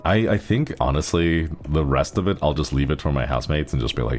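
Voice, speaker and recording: A man's voice: rumbling low, fast talker, few pauses, a little mellow, faint music behind. A man streaming a game, chatting casually and thanking viewers while resting a strained throat. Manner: rambling, chuckles often, thanks viewers. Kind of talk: casual gaming stream chat.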